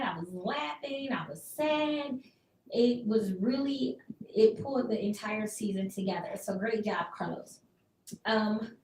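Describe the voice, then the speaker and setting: A woman radio host giving a chatty, expressive recap that she acts out with quick bits of dialogue. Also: on the high side, reverberant, distant mic, a little hiss or hum, low-quality recording.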